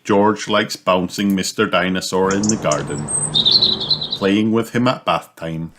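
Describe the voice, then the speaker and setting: Deep-voiced man reading a children's book. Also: a little hiss or hum. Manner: slow, expressive reading for children. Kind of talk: storybook read-aloud narration.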